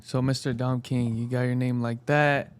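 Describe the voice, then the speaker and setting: A man hosting a podcast, putting his questions in a slow, easygoing way. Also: mid-range voice, flat delivery, clean tone. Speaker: podcast host. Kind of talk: casual chat.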